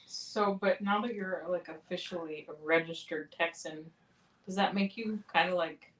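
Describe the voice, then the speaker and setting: Low-voiced woman teasing her co-host. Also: moderate pace, a bit bright, low-quality recording. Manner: teasing, loose offhand remarks. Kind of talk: casual live stream chat.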